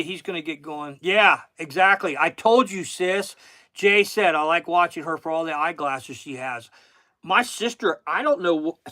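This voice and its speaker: A man's voice: on the high side, pushed and bright, no room sound. A middle-aged man with a Southern accent, a fishing guide hosting a casual livestream, chatting in a rambling way and thanking viewers by name.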